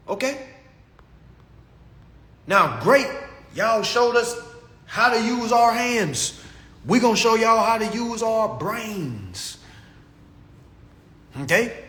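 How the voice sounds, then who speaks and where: A man delivering a comedic rant to camera in an animated, preachy and mocking way. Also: sits high, slow pace, long pauses. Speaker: vlogger.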